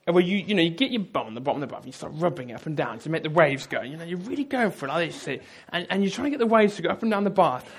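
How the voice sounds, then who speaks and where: Male preacher, fairly high voice, lively storyteller who talks straight to the room. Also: very fast, few pauses, slightly rough. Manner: lively storytelling, addresses the audience directly. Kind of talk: sermon.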